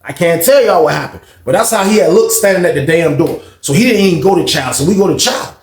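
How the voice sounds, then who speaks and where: A man casually telling a story in an animated, profane, slang-heavy way. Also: a little high, fast talker. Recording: roomy echo.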